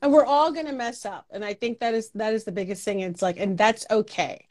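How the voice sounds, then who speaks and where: A woman's voice: mid-range voice, a little fast, a little mellow. A woman hosting a podcast in a casual, frank chat, swearing freely and acting out her own doubts. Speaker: podcast host.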